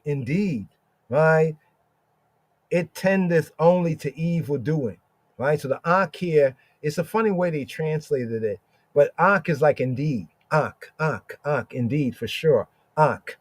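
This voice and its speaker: A man teaching scripture on a casual podcast. He checks in with "right?" again and again and draws out Hebrew words slowly. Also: fairly high pitch, a little mellow, no room sound. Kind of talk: informal scripture study podcast.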